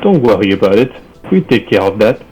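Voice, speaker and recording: A man's voice: lowish voice, very animated, a little fast, darkish tone, slightly rough, faint music behind, rough recording. A man playing a secretive character who reassures a guard in broken, clipped phrasing. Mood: reassuring. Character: secretive man flashing an official letter.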